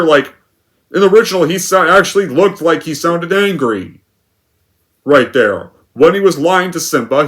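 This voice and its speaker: A man's voice: a little high, fairly bright tone. Rambling, scornful male movie ranter. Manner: rambling, packed with "like" fillers; scornful, exasperated. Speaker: film reviewer. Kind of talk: ranting movie review.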